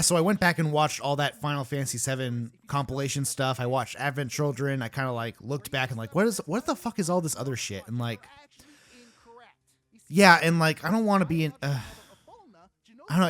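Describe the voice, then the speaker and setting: A man's voice: mid-range voice, animated, normal speed, a bit bright. A man hosting a casual commentary track, ranting with lots of swearing and fillers. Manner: ranting, profane, rambling with many fillers. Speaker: YouTube host. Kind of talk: casual behind-the-scenes commentary.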